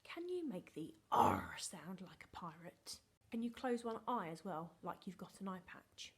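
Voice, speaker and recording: A woman's voice: fairly low pitch, big pitch swings, measured pace, echoey room. A young woman teaching phonics to young children, playful and encouraging, often dropping into whispers. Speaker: reception class teacher.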